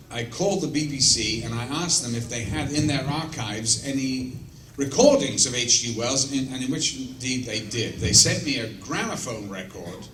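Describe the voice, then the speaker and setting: A man spins blunt, cheeky stories for a fan crowd, his voice bright and forceful. He sounds a bit away from the mic in a roomy hall, with a faint hiss behind him. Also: medium pitch. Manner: blunt, profane, self-mocking anecdotes. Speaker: guest actor answering fan questions. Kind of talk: casual storytelling Q&A. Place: large convention room with audience. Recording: roomy echo, mic at a distance, faint noise.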